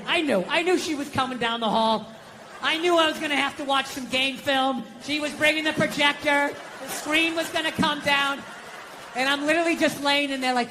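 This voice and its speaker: A man's voice: extremely high pitch, a little fast, sharp tone, long reverb tail, a little hiss or hum. A middle-aged American man doing stand-up comedy, ranting profanely in an exasperated way and acting out quotes.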